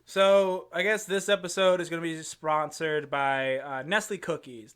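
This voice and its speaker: A man's voice: a little high, a little slow, hardly any pauses, clear, resonant tone. A young man, a podcast host, telling a story in casual chat and laughing often as he goes. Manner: animated, laughs often while telling stories.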